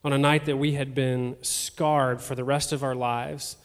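A man sharing a personal testimony at a church service, speaking in a halting, emotional way with fillers and repeated words. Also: mid-range voice, little pitch movement, smooth. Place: church sanctuary. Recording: long hall reverb.

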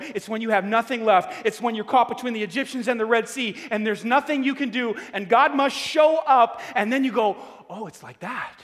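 A man preaching a sermon in a church, animated, repeating words and calling out to the congregation. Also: sits high. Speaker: pastor. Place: church hall. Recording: long hall reverb.

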